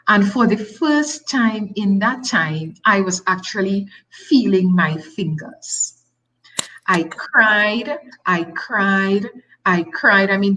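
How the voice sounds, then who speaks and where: This is a mid-range female voice on poor audio: a middle-aged Tobagonian woman guesting on a talk show. Her personal story comes out animated and emphatic, with phrases said again and again.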